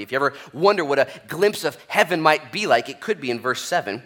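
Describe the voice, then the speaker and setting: Forceful, animated male pastor preaching. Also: on the high side, fast, few pauses. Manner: animated, jokey, conversational preaching with frequent "okay?". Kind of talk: expository sermon.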